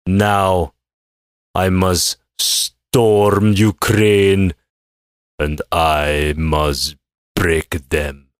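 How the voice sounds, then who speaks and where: A man putting on a slow, heavy, exaggerated fake accent to voice a menacing male Russian strongman leader. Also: deep voice, steady tone, smooth, no echo, studio quality, voice pushed down. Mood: mock-solemn.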